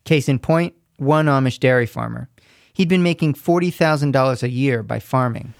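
Guy reading a radio news piece, gravelly voice, super dry studio sound. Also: medium pitch, normal speed, dry recording. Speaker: radio reporter. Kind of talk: scripted news narration.

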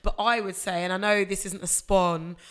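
A woman's voice: medium pitch, level tone, moderate pace, a bit bright. A woman, a radio presenter speaking openly as a podcast guest. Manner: open and heartfelt, with many restarts. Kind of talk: candid emotional conversation.

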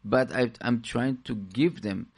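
A man talking casually as a guest, speaking haltingly with frequent restarts. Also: medium pitch, slightly rough. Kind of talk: casual talk.

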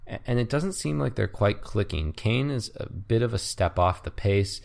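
A man's voice: lowish voice, expressive, moderate pace, vocal fry, a little mellow. A man co-hosting a casual sports podcast, rambling and hesitant with many fillers. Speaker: podcast co-host.

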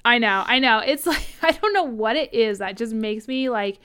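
A woman's voice: on the high side, lively intonation, normal speed, sharp tone, smooth. A woman co-hosting a podcast in casual chat, recapping a book with frequent laughs and acted-out quotes. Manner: chatty, laughing often, acts out characters' lines in retelling.

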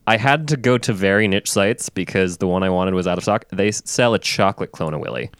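A man's voice: sits low, animated, a little fast, clean tone, dry recording, studio quality. A man co-hosting a podcast, rambling through casual stories with frequent restarts. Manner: rambling, stumbles over words. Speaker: podcast co-host. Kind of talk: casual chat.

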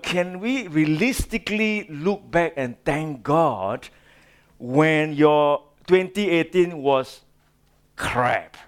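A male pastor preaching a sermon, swinging from loud, drawn-out phrases to hushed asides. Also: fairly high pitch.

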